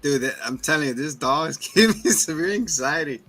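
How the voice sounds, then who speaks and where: Bright-voiced man recapping a movie. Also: on the high side, expressive, a little fast. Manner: loose, swearing, laughing recap. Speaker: podcast co-host. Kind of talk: casual movie review chat.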